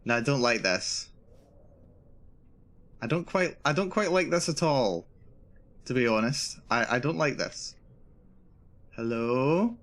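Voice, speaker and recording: Male streamer, mid-pitched, nervously self-narrating through a horror game, repeats lines when scared. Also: lively intonation, slow, pauses often, a bit bright. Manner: jittery, repeats himself, narrates his own nerves. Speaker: VTuber streamer. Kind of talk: live horror gameplay commentary.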